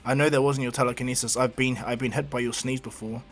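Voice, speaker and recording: Man voicing a loud, demanding teen hothead, husky, storybook retelling. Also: mid-range voice, fairly even intonation, quick pace, soft background music, lightly acted. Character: brash hot-tempered teenage boy.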